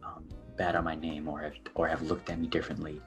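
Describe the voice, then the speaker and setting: A man's voice: a bass voice, completely flat delivery, fast, soft background music. A young man in his late teens, a podcast guest telling a personal story in an earnest, hesitant way with many fillers.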